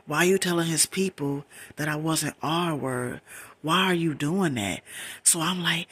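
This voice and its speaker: A woman telling a true personal story in a soft-whispered ASMR storytime, her retelling rising in pitch with emotion. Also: normal speed, husky. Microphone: close phone mic.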